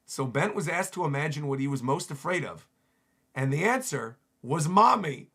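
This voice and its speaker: An excitable man reads comic panels aloud on a live stream. His voice is bright and a little husky, and it swings wide in pitch as he jumps between characters. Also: normal speed. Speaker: manga reaction streamer. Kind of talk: reading a comic aloud and reacting.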